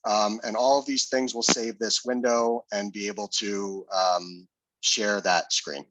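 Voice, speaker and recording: A man's voice: lowish voice, level tone, measured pace, a bit bright, no echo, low-quality recording. Male presenter, conversational and explanatory, dry close-miked sound. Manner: explanatory, casual, with fillers and restarts. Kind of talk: screen-share software demo.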